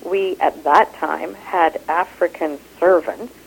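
Woman, Canadian accent, low voice, animated and expressive, interview chat, phone-line sound. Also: takes it slowly, creaky, slight background noise. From Kenya. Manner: animated, expressive, laughs easily. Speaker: actor and improv teacher. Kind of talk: interview conversation.

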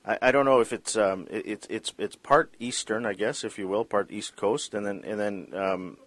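Deep-voiced male interview host. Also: fairly even intonation, fairly bright tone. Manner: halting, repeats words, rambling questions. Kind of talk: casual interview talk. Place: Vancouver.

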